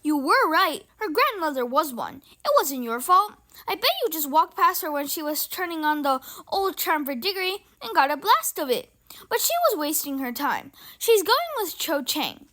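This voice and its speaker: A woman reading the lines of an awkward, shy teenage boy who speaks haltingly and dully. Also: high voice, sing-song, sharp tone, full character voice. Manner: halting, dull.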